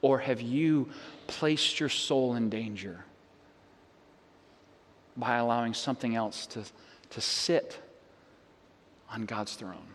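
A man's voice: mid-range voice, slow pace, pauses often. A man preaching a sermon as pastor, earnest and conversational, with rhetorical questions and frequent restarts. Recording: long hall reverb.

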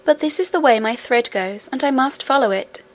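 A woman reading aloud voices a hopeful little princess from a storybook. She speaks in an eager, hushed way, a little higher and brighter than the narration. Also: moderate pace.

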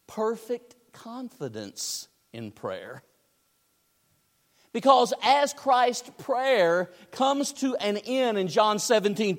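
Shifting from quiet, stretched-out phrases to booming emphasis, this man delivers a sermon. A long reverb from the hall fills the recording.

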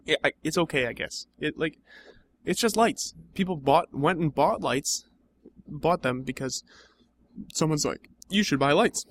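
A young man with a slightly high voice, pushing back in casual comedy banter. His tone is dry and skeptical. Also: measured pace, a little hiss or hum.

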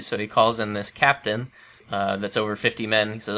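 A man co-hosting a casual chat, retelling stories with animated humor and laughter. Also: on the low side, a little fast. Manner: animated, laughing storyteller who acts out quotes.

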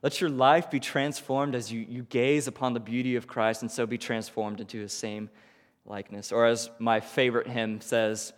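Male pastor, mid pitch, lively rhetorical preaching style, long hall reverb. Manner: animated, questioning, with quick rhetorical asides. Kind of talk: sermon.

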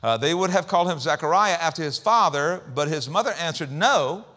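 A man preaching a sermon in a conversational, humorous way, with quick asides and repeated words. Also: on the high side, animated, sharp tone, in a large hall. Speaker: pastor.

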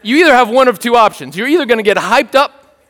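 A man's voice: very high voice, fast talker, long reverb tail. A man preaching a sermon, telling a story in a playful, joking way and checking in with his listeners. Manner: animated, playful, joking with the congregation. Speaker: pastor.

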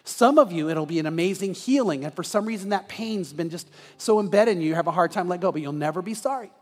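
A male pastor preaching a sermon, telling a story and often restarting words, dropping low and soft at tender moments. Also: lively intonation, fast, in a large hall. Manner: repeats words when restarting. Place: church sanctuary.

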